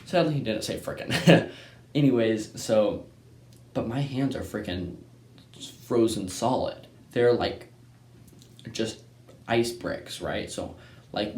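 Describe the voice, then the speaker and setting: A man's voice: lowish voice, darkish tone. A young man from Texas, casually telling a hunting story in a rambling way and often tagging on "right?". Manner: rambling, keeps asking "right?" and saying "anyways". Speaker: hunting channel host. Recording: echoey room with faint noise.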